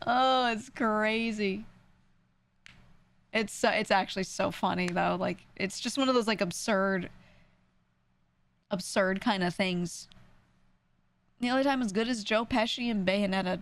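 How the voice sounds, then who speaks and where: A woman's voice: medium pitch, measured pace, long pauses. Ranting young woman with a New York accent. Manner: ranting, peppered with "like" and swearing. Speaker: streamer. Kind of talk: casual stream chat.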